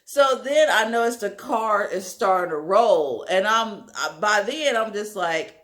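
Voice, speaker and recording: Animated young woman telling a story. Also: medium pitch, a little slow. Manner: animated, full of "like" fillers. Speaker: storyteller, channel host. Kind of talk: casual storytime vlog.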